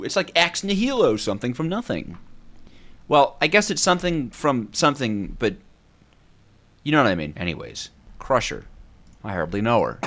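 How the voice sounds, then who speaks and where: Animated man rambling over gameplay. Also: medium pitch, moderate pace. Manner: animated, rambling, talks to himself. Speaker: gameplay YouTuber. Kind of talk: casual gameplay commentary.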